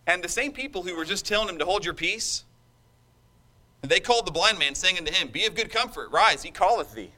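A man with a noticeably high voice preaches a sermon from the pulpit. His delivery is impassioned and emphatic, and he turns to his congregation for a response. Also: expressive, a little fast, sharp tone.

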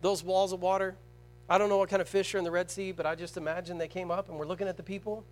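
A man preaching a sermon to a congregation, asking the crowd rhetorical questions and swinging between loud emphatic stresses and quiet, slow scripture reading. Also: sits high, little pitch movement.

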